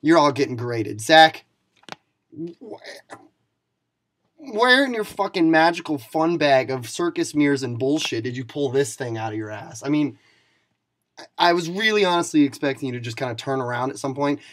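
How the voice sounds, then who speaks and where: A man's voice: fairly high pitch, expressive, moderate pace, a bit bright. A young man in a profane, mock-angry comedic rant to camera, playing a league commissioner who insults his fellow video makers with sarcasm.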